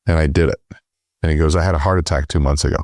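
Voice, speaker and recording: A middle-aged man, a sales trainer, telling animated stories in an interview and acting out the dialogue. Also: rumbling low, racing, no echo, studio quality. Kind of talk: storytelling in interview.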